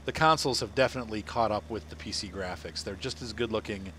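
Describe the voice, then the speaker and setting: A man's voice: fairly low pitch, fast talker, bright, forceful tone, a little hiss or hum. A man from Ohio chatting casually on a live game stream, rambling and laughing often. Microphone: headset.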